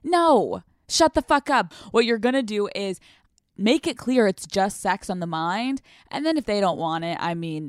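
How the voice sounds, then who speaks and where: A woman's voice: mid-range voice, dry recording. Young woman, advice podcast host: sassy, blunt, swears freely. Mid-range voice, dry close-mic sound. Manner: blunt, profane and sassy, with quick laughs. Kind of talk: casual advice talk answering listener letters.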